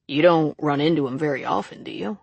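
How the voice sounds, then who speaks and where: A reader voicing a calm, gently probing male sheriff in an audiobook. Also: mid-range voice, fairly quick, gravelly, slightly rough, dry recording, highs cut off. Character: calm steady man, a rural sheriff. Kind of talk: audiobook character reading.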